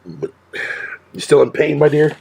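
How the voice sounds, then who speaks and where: A man's voice: on the high side, big pitch swings, a little slow, vocal fry, dull audio, background noise. A male streamer talking casually to his chat in a profane rant, swearing constantly and laughing often.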